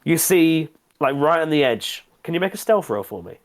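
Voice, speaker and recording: A man's voice: on the high side, sing-song, moderate pace. Man narrating a tabletop game. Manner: loose, rambling narration with restarts and fillers. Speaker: game master.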